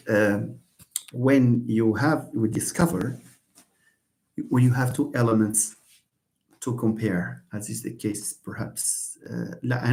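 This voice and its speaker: A middle-aged man with a Moroccan accent giving a live online linguistics lecture, switching between English and dialect Arabic and slowly modelling sounds. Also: medium pitch, dark tone.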